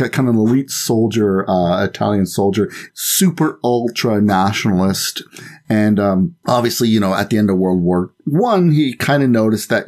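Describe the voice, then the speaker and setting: A man guesting on a podcast, telling a history story in a rambling, lively, casual way. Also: fairly low pitch.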